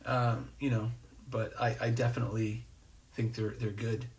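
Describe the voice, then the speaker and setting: A man's voice: lowish voice, little pitch movement, normal speed, far from the mic. Laid-back man rambling on a live stream. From New Jersey. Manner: rambling, laid-back, many fillers and restarts. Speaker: host. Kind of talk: casual livestream chat reading comments. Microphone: phone or webcam on a live stream.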